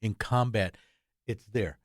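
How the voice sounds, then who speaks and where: Halting older veteran man. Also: lowish voice, no echo, clean studio sound. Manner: halting, repeats words, blunt short phrases. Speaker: guest, combat veteran. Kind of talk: interview recollection.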